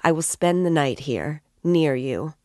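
A woman's voice: deep voice, animated, a little slow, darkish tone, no room sound, clean studio sound. A woman voicing an anxious, tearful middle-aged mother who speaks timidly and pleadingly.

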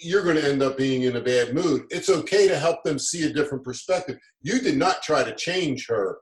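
In a motivational conversation, a middle-aged man speaks in an upbeat, expressive way, stopping on fillers and restarting phrases as he works through his point. His mid-pitched voice has a noticeable roomy echo.

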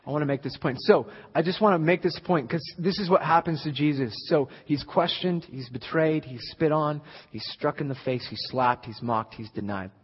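A man preaching a sermon as a guest speaker, with a fairly high, breathy voice. He talks conversationally and then builds to loud, emphatic peaks. The sound rings out through a long hall reverb and comes across a little dull. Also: moderate pace.

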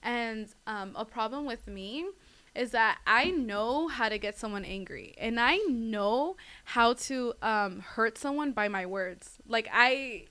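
A woman's voice: a little high, takes it slowly, sharp tone, clear, resonant tone. A young woman giving a casual devotional talk as host, chatty and full of fillers, often calling her listeners "guys". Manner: chatty, lots of fillers and "like", laughs at herself.

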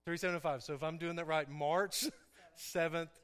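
Man, pastor, high bright voice, playful sermon, laughs a lot. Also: fairly even intonation, normal speed, clear, resonant tone. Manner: playful, laughing often, addresses congregation directly. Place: church sanctuary. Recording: echoey hall.

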